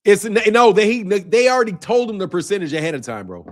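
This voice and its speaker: This boxing channel host is a young man with a high-sitting voice, wide pitch swings, and a fast delivery. Combative on his livestream, he rants at viewers in chat and keeps repeating "bro."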